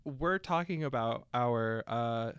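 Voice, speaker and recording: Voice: mid-range voice, takes it slowly, clear, resonant tone, dry recording, clean studio sound. A young adult co-hosting a casual podcast with playful banter and dramatic, jokey delivery. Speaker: podcast co-host.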